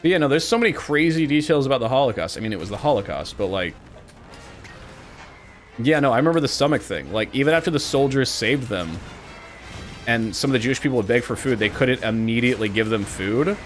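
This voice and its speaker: Speaking a little fast in a mid-range voice over soft background music, a man in his twenties from Missouri jokes and trades sarcasm casually and animatedly with his stream viewers.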